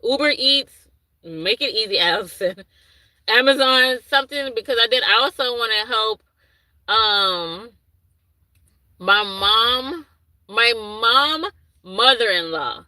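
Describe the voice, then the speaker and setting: A livestream host, an adult mother of a young son, reads viewers' comments aloud and answers them in a rambling, casual chat where she loses her thread. She speaks slowly with frequent pauses, in a high-leaning, expressive, bright and pushed voice; the recording has no room sound and is rough.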